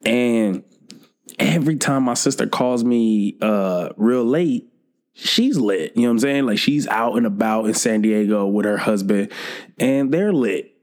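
A man's voice: mid-range voice, expressive, measured pace, a little mellow. A young man hosting a podcast, telling a funny weekend story in a laid-back, casual way, swearing often and laughing a lot. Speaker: podcast host.

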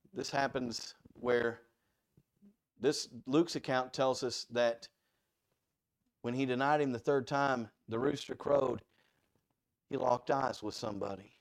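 A man at mid pitch delivers a conversational sermon with a gravelly, creaky texture. He talks animatedly and keeps asking his listeners rhetorical questions. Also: a little hiss or hum. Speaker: preacher.

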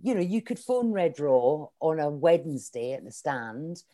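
Middle-aged Scottish woman, low voice, wry chatty interview guest. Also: big pitch swings, unhurried, dark tone. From Scotland. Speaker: comedian guest. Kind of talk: conversational interview.

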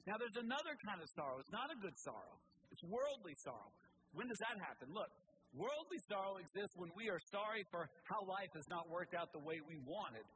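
A man, a pastor, preaching a sermon emphatically, rising to strong points and dropping to hushed, earnest lines. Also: high-pitched, sing-song, brisk, noisy background. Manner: emphatic preaching that swings between raised and hushed.

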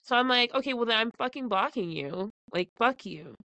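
This is a woman co-hosting a podcast, telling a personal story in casual chat. She acts out the quoted dialogue with lots of expression and laughs along the way. Her voice is bright and forward, and the recording is dry and close. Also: a little high, brisk, dry recording. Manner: animated retelling with quoted dialogue and frequent laughs. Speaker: podcast co-host.

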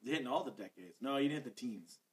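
A man's voice: mid-range voice, quick pace. A man in his thirties co-hosting a podcast, chatting casually and telling stories with lots of swearing. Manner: profane, rambling, animated storytelling. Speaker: podcast co-host. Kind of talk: casual chat.

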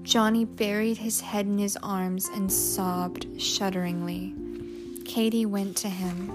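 Slow woman narrator for storybook reading over a music bed. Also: medium pitch. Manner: slow, measured, expressive. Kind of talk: storybook read-aloud.

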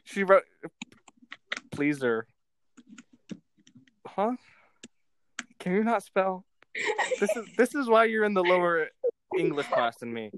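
A man's voice: high voice, very animated, slow pace, long pauses, a bit bright, a little hiss or hum. A young man hosting a podcast in a rambling, giggly casual chat, swearing freely. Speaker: podcast host.

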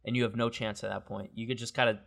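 A man's voice: on the low side, level tone, fast talker, vocal fry, fairly bright tone. A young man in his twenties co-hosting a podcast. He talks in a laid-back, easygoing way and keeps nudging the talk on to the next topic. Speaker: podcast co-host. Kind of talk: casual chat.

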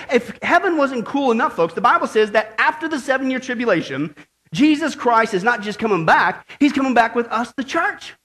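A male pastor giving a lively, joking sermon with emphatic delivery. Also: very high voice, a little fast.

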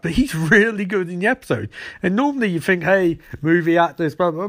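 A man giving a sarcastic, comedic recap of a TV episode and acting out the characters' lines. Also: on the high side.

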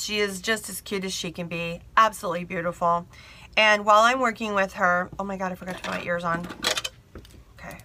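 A woman chattily telling a personal story to camera, animated and confiding, a bridal seamstress. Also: mid-range voice.

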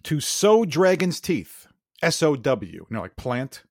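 A man hosts a quiz-style comedy podcast segment, teasing his co-host and laughing easily. His pitch swings widely in animated speech. The recording is close and dry with no room sound. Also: slow, dry recording. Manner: teasing, laughs often, quizzes the other host. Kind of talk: joking banter.

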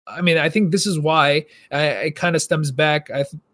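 A man co-hosting a gaming podcast, chatting casually and telling stories with animated asides. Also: a little high, moderate pace. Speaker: podcast co-host.

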